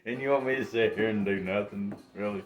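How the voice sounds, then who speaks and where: A man's voice: fairly low pitch, fast, natural voice. A man voicing his male pet dog as it begs for meat, drawling and swearing in disbelief. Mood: incredulous.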